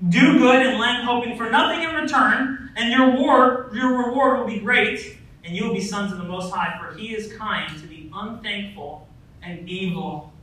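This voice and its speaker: A pastor preaches at a normal speed in a high-pitched, bright, forceful male voice. He keeps it conversational, with plenty of "right?" asides and stories about his family. Recorded in a church sanctuary, the voice comes from a distance amid hall echo and faint noise.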